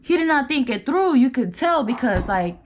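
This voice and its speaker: Chatty young woman with roots, high voice. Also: sing-song, normal speed, a little hiss or hum. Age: young adult. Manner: chatty, filler-heavy, "like" and "you guys". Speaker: vlogger. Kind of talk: storytime while doing makeup. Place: indoors at home.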